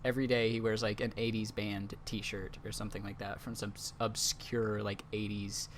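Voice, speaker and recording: A man's voice: fairly low pitch, little pitch movement, moderate pace, a little hiss or hum. A young man hosting a casual podcast, telling a rambling story packed with fillers. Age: young adult. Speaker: podcast host.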